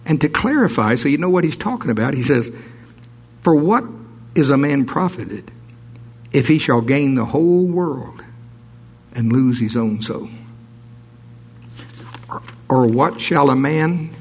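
A man preaching a sermon, reading scripture aloud with jokes and asides in an animated way. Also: fairly high pitch, a little slow, pauses often, husky.

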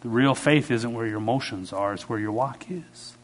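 A man preaching a sermon as a pastor, telling stories with sudden swings in pitch and loudness. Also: normal speed, a little hiss or hum.

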